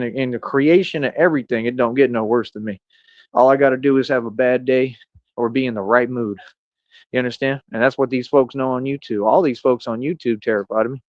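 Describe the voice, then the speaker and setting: A man's voice: medium pitch, no room sound. A man in his thirties ranting boastfully and confrontationally in a rambling livestream monologue. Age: 30s. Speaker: streamer. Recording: dull lo-fi dry sound.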